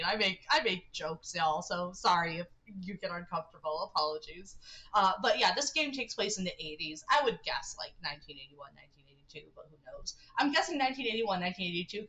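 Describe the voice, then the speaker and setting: A woman's voice: medium pitch, bright, forceful tone, poor audio. A young woman livestreaming a dating game, reading its text aloud with giggly, chatty asides. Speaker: streamer.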